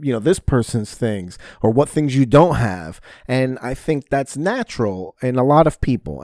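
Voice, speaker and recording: A man's voice: mid-range voice, warm tone, no echo, clean studio sound. A man hosting his own podcast in a casual solo rant, rambling and swearing often, with frequent fillers and restarts. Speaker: podcast host. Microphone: podcast mic.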